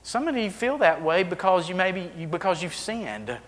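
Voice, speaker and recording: A man preaching a sermon as pastor, swinging between hushed, intimate lines and loud, emphatic ones. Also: sits high, sing-song, moderate pace, long reverb tail. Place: church sanctuary.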